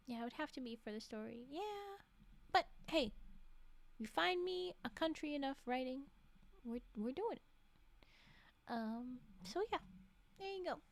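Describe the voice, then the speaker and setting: A woman livestreamer chatting casually with her viewers in a rambling way, with frequent restarts and quick laughs. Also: sits high, animated, vocal fry. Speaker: livestreamer reading stories. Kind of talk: casual chat with live viewers.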